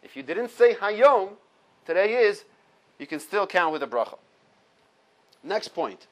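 A man's voice: high-pitched, sing-song, a little slow, fairly bright tone, poor audio. A man teaching an informal halacha class, reading Hebrew sources and explaining them in English step by step. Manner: explains step by step, repeats key points, mixes Hebrew quotes with English. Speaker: Torah teacher.

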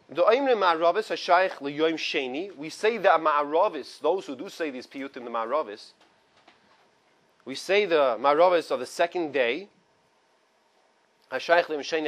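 A man's voice: fairly high pitch, a bit bright. A man teaches a small morning Torah class. He reads Hebrew and Aramaic phrases from the text, translates each one, and adds casual, conversational asides. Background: small study group in the room.

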